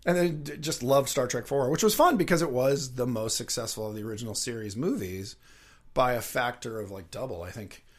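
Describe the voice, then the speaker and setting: A middle-aged man who is a guest on an interview show, telling rambling, lively anecdotes and laughing often. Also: medium pitch, fairly quick. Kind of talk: casual anecdotal storytelling.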